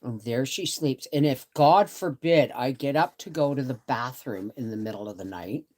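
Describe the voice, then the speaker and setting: A woman's voice: rumbling low, moderate pace, darkish tone. A middle-aged woman chatting casually on a live stream from her bed, rambling and greeting viewers by name. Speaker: homestead channel host. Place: bedroom, in bed.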